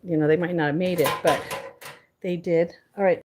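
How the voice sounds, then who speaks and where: A woman's voice: fairly low pitch, steady tone, normal speed, background noise. A woman livestreaming casual chat from her home garden, talking to her plants by name and filming on a handheld phone. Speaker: livestream host.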